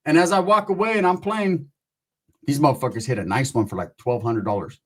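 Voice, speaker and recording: A man telling a profane comic anecdote in an animated way, often tossing in a quick question to the listener. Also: medium pitch. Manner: profane, animated, keeps asking "right?". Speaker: storyteller.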